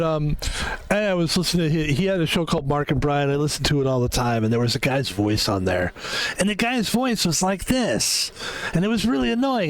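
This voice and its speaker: A man's voice: on the high side, no echo. A man streaming from home, rambling through a casual sign-off with music playing behind him. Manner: rambling, chatty, self-promoting. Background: background music.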